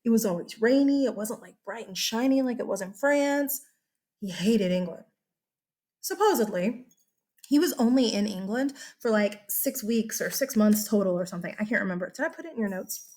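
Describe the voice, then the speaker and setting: A woman's voice: on the high side, lively intonation, moderate pace, darkish tone. A woman history teacher giving a casual, chatty lecture, correcting herself and asking her students questions.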